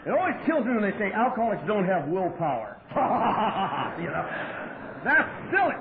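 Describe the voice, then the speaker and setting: A man's voice: high-pitched, normal speed, a crowd in the background. Wry profane man on tinny old tape. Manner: wry, profane, animated storyteller with sudden loud outbursts. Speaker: AA meeting speaker. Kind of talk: storytelling talk at a recovery meeting. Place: meeting hall with audience. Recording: tinny lo-fi 1988 tape with faint hiss.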